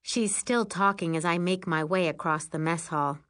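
A woman narrating a first-person children's story aloud, with an expressive sing-song lilt. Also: fairly low pitch, normal speed. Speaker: audiobook narrator.

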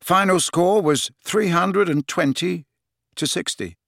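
A man's voice: sits high, slow pace, vocal fry, a bit bright, no room sound, clean studio sound, pitched above the performer's own voice, heavily acted. A man reading an audiobook, voicing an easygoing teenage boy with a casual, reasonable, teasing manner. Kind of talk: audiobook character voice.

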